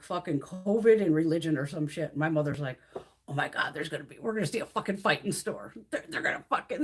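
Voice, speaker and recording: A middle-aged woman telling a long story with lots of swearing on a beauty livestream, acting out what everyone said. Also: on the high side. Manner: profane, animated storytelling, acts out quoted voices.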